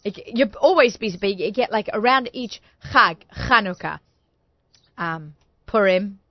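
A woman's voice: medium pitch, animated, unhurried, no room sound, highs cut off. A woman hosting a studio talk show, chatty and bubbly, often talking over her guests. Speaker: host.

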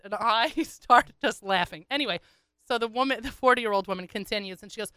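Brief: animated woman storyteller, radio host, crisp and bright, dry mic. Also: mid-range voice, fast, dry recording. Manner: animated, chatty, laughing asides. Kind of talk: comic storytelling.

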